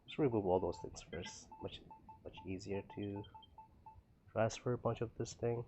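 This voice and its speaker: A man's voice: fairly low pitch, fairly even intonation, normal speed, dark tone, slight background noise. A man streaming a building game, rambling to himself with frequent laughs as he plays. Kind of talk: casual gameplay commentary.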